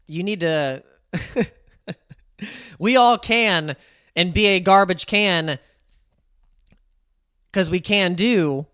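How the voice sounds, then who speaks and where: A man's voice: high voice, very slow, long pauses, fairly bright tone, smooth. Rambling, laughing crypto streamer man. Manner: rambling, self-interrupting, laughs often. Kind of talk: casual live-stream chat.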